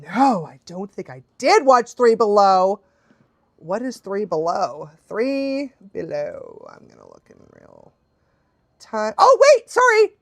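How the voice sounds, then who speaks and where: A woman's voice: medium pitch, animated, slow pace, dry recording. A young adult woman chatting casually on a live stream as a dog trainer, bubbly and laughing often.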